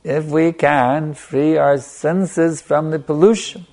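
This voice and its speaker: A man giving a sermon as a spiritual teacher, stressing points by repetition and letting a soft "you see" trail off after them. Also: fairly high pitch, steady tone, takes it slowly. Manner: emphatic, repeating phrases for stress.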